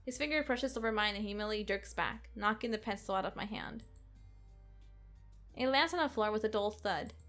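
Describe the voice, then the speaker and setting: A woman hosting a let's play, reading a visual novel aloud in an expressive, sarcastic way. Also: mid-range voice, a little fast, soft background music. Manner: expressive, sarcastic, occasional giggles.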